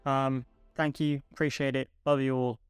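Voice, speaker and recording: A man talking casually to his camera at home, relaxed and enthusiastic, chatting to his viewers. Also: medium pitch, moderate pace, clear, resonant tone, no echo, soft background music. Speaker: photography video creator. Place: indoors at home. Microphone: home studio mic.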